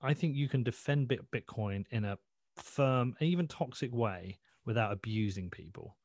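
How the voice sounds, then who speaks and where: A man's voice: medium pitch, lively intonation, moderate pace, a little mellow, dry recording, clean studio sound. A man talking as a podcast guest in a blunt, sweary, rambling way, often restarting his sentences. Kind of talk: casual interview chat.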